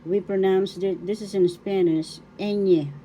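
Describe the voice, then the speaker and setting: A Filipino woman giving a slow, careful language lesson, repeating each word several times so learners can follow the pronunciation. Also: fairly low pitch, warm tone, a little hiss or hum. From Philippines. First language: Tagalog. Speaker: language teacher.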